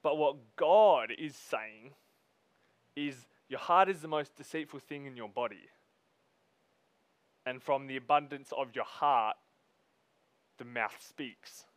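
A man preaching a sermon. He reads scripture slowly, then talks to the congregation in a casual, emphatic way. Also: medium pitch, clean tone, no room sound.

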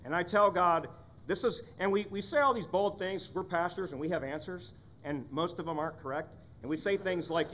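A man's voice: high voice, fairly quick, fairly bright tone. A man serving as pastor, delivering a sermon in an earnest, conversational way with frequent rhetorical questions.

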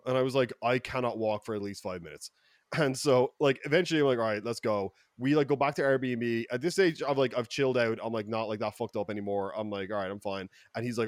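A man with an Irish accent telling stories on a casual podcast, animated and profane, with sudden loud bursts. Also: mid-range voice, fast, no room sound, studio quality. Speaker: podcast co-host.

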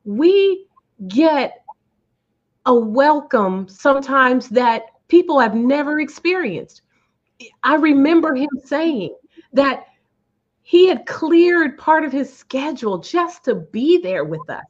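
A woman's voice: high voice, big pitch swings, takes it slowly. An earnest woman guest speaker talks in a heartfelt way and repeats her words for emphasis. Her voice comes through as slightly dull, lo-fi audio. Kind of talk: interview answers.

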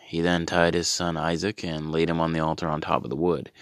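A man performing a comedy bit, reading scripture and then his own updated versions, in a deadpan, low-key way with exasperated outbursts. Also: brisk, clean tone, dry recording, studio quality.

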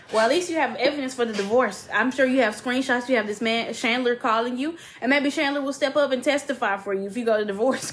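High-voiced woman podcast co-host, dramatic. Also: a little hiss or hum, poor audio. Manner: dramatic reading with blunt, profane commentary. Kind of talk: reading a listener's email, then casual advice chat.

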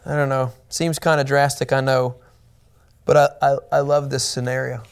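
A man's voice: medium pitch, level tone, moderate pace, creaky, clear, resonant tone. A man teaching the Bible as a pastor, earnest and emphatic, repeating his key points.

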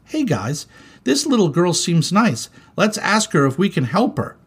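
A jittery young boy dinosaur frets in a high, whiny voice, as a man reading a storybook puts him on. His pitch swings widely, with a husky edge underneath. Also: very animated, a little slow, heavily acted. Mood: anxious. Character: young boy dinosaur Malachi, easily scared.

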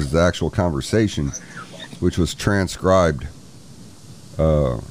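Deep-voiced man reading aloud haltingly. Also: darkish tone, slight background noise. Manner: halting, with many fillers. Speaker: live stream host.

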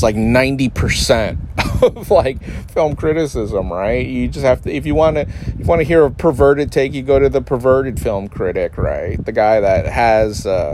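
A man rants casually and sarcastically, stumbling over his words and cursing as he jumps between thoughts. His voice sits at an ordinary middle pitch. Clear background noise with passing vehicles runs under everything. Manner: sarcastic, rambling, mocking voices in quotes; frequent restarts and profanity. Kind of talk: casual rant.

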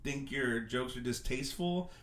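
A man who is a stand-up comic, chatting casually on a podcast, swearing freely and telling animated stories. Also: mid-range voice, normal speed, reverberant. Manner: profane, animated storytelling, laughs often.

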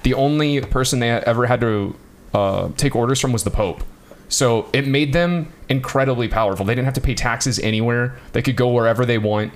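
A man's voice: mid-range voice, brisk. Guy co-hosting a history podcast, lots of likes and ums, laughs a lot. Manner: rambling, many fillers, laughs easily. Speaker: podcast co-host. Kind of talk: casual history chat.

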